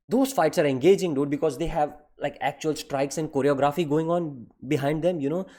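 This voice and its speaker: A man's voice: a little high, brisk, dark tone. A man delivering a profane, exasperated comedic rant. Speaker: anime commentary creator.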